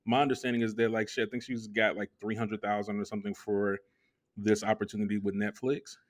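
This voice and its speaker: A man's voice: fairly low pitch, flat delivery, fairly quick. Rambling man in podcast chat. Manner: rambling, trails off and restarts. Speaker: podcast co-host. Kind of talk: casual chat.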